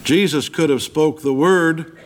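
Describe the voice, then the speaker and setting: A man preaching a sermon in a church, swinging his voice up and down for emphasis as he retells the scripture. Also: measured pace. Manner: preaching with dramatic rises and drops in pitch.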